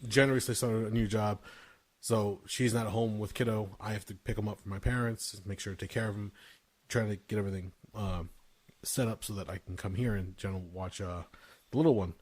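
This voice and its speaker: A man's voice: lowish voice, fairly even intonation, a little fast. Man telling stories and laughing. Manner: swears freely and laughs through his stories. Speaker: podcast host. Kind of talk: casual storytelling chat.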